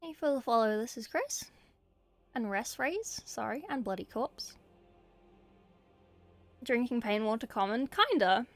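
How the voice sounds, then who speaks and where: A woman's voice: on the high side, lively intonation, measured pace, long pauses, no room sound. A young woman painting miniatures on a livestream, chatting casually and answering viewer chat as she works. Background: faint background music.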